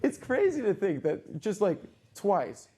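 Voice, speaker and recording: A man hosting a comedy podcast, talking in excitable, profane, rambling riffs. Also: high voice, unhurried, breathy edge. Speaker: host. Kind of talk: casual comedic podcast chat.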